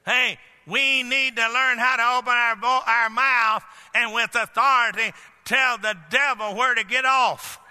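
A man's voice: very high-pitched, fairly even intonation, measured pace, bright, forceful tone, smooth. A man preaching a sermon as pastor, emphatic and storytelling. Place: church sanctuary. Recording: long church-hall reverb.

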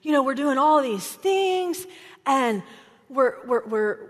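A woman preaching a sermon in an animated, conversational way, often checking in with "right?". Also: sits high, slow. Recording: long hall reverb.

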